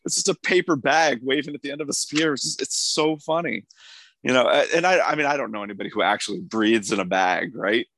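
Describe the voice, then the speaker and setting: A man with a hoarse voice hosting a podcast, chatting enthusiastically about an episode with many restarts. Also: medium pitch, a little fast, fairly bright tone, no room sound. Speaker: podcast host. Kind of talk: casual episode discussion.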